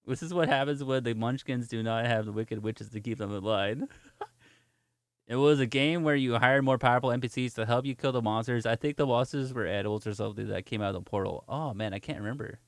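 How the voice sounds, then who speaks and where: A man's voice: medium pitch, a little fast, no echo, clean studio sound. A man streaming games, chatting casually and telling a story with lots of laughter while answering viewer chat. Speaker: gaming streamer.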